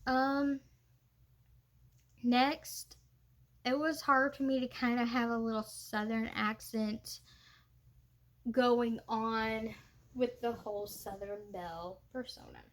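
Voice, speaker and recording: Slow-talking chatty young woman. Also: fairly high pitch, fairly even intonation. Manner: chatty, laughs, many fillers. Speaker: living history reenactor. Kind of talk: casual vlog talk.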